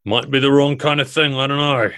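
A man's voice: medium pitch, steady tone, fairly quick, pushed and bright, clear, resonant tone, no room sound, clean studio sound, pitched above the performer's own voice, lightly acted. A man voicing a big male ogre leader who talks in a friendly, folksy way. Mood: easygoing. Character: gruff male ogre leader, polite and easygoing.

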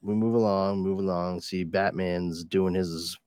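A man's voice: low voice, steady tone, unhurried, a little mellow, smooth, no room sound, studio quality. A man co-hosting a casual chat about comics, loose and swearing now and then. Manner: casual, swears, reads comic lines in put-on voices. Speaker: podcast co-host.

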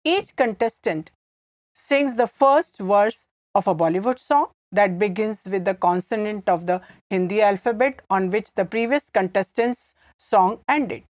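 A woman co-hosting an educational podcast, reading a script in a measured teaching tone. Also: mid-range voice, no echo. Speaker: podcast co-host.

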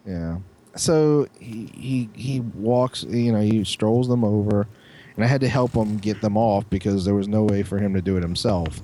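A man co-hosting a podcast, telling a profane, animated story with lots of restarts. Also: lowish voice, moderate pace. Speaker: podcast co-host. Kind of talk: casual storytelling chat.

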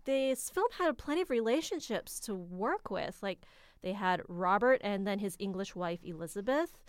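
An American woman co-hosting a casual film review, opinionated and quick to laugh. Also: mid-range voice, expressive, clean tone, no echo, studio quality. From United States.

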